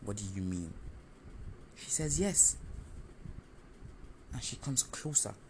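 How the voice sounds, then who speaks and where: A man telling a first-person story in an animated, confessional, self-mocking way. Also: lowish voice, takes it slowly, slight background noise.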